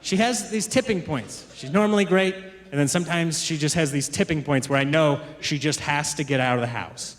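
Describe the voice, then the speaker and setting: A male stand-up comedian telling stories to a live crowd, with quick asides to the audience, on a handheld stage mic. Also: a little high. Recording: live stage mic with long hall reverb and crowd laughter.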